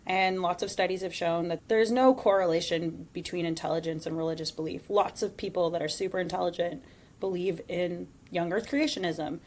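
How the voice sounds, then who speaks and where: A woman co-hosting a casual podcast, chatty and animated, laughing often. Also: lowish voice, a little fast. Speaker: podcast co-host.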